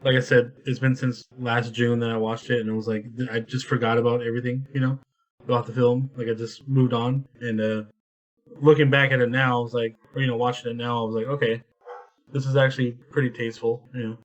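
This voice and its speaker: A man's voice: medium pitch, level tone, brisk. Laid-back man on a dull lo-fi podcast. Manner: laid-back, agreeable, laughs easily. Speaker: podcast co-host. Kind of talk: casual film review chat. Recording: dull lo-fi audio.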